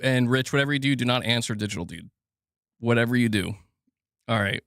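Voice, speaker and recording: A man's voice: mid-range voice, a little fast, gravelly, fairly bright tone, no echo. Joking male livestream host, dry sound. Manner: joking, laughing, teasing chat. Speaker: livestream host reading donations. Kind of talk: casual livestream chat.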